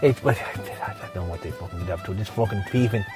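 A man's voice: low-pitched, fast talker, darkish tone, faint music behind. A drunk man with an Irish accent rambling through a foul-mouthed sign-off as a podcast co-host. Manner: heavy swearing, slurred and rambling.

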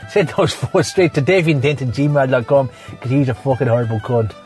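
A man's voice: on the high side, darkish tone. A drunk man with an Irish accent rambling through a foul-mouthed sign-off as a podcast co-host. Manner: heavy swearing, slurred and rambling.

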